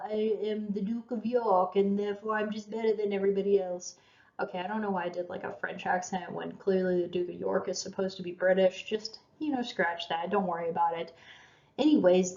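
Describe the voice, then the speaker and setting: A woman's voice: mid-range voice, a little mellow. A woman lecturing on history in a chatty, self-deprecating way, with fillers and small laughs. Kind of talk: casual recorded lecture. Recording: roomy, dull lo-fi lecture recording.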